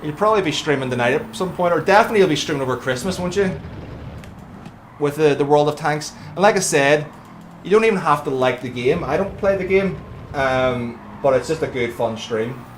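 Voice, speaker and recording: A man's voice: fairly high pitch, lively intonation, a little fast, a little hiss or hum. A man commentating his own racing game live and chatting to viewers by name. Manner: chatty, addresses viewers by name, friendly banter. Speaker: livestreamer.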